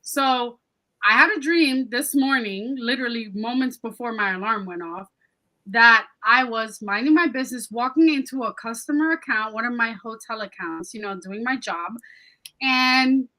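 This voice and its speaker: A woman co-hosting a podcast, telling a story in an animated, casual way and swearing freely. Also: a little high, poor audio. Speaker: podcast co-host. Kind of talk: casual chat.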